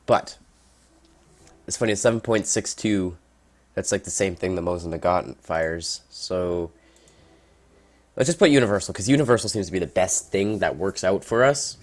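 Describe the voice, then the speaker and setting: A man giving casual, rambling gameplay commentary, reacting out loud and swearing at surprises. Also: low-pitched, normal speed, long pauses.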